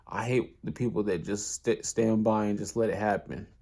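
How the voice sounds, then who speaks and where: A man's voice: fairly low pitch, steady tone, moderate pace, warm tone, breathy edge. A man voicing a tough, laid-back young boxer who reassures in cool street slang. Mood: stern.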